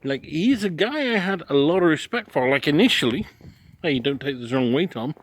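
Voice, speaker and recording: A man's voice: on the high side, lively intonation, a little fast, slight background noise. A man in his forties giving a frank, rambling spoken recap of his travel day, full of restarts and swearing. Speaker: travel vlogger. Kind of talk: casual spoken recap to camera.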